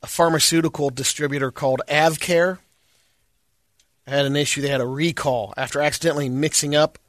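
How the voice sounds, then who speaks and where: Co-host, man, slightly high voice, dry close mic, deadpan news reads. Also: brisk, no room sound. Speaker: co-host reading news segments. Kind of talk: casual radio-style banter.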